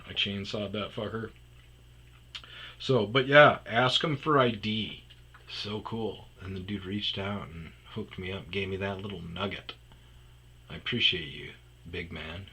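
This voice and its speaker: A man's voice: medium pitch, bright, forceful tone. A man hosting his own vlog, telling a rambling, profane story in a casual monologue. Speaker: vlog host telling stories.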